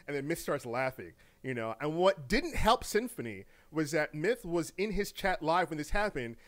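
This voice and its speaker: A man with a slightly raised pitch talks through gaming news as a podcast co-host. His delivery is animated and loose, with slang, laughter, and words repeated as he builds his point. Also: moderate pace. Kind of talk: casual gaming news commentary.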